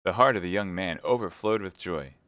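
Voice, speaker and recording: A man reading a classic novel aloud on a live stream, steady narration with chatty asides to viewers. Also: low-pitched, fairly quick, dry recording.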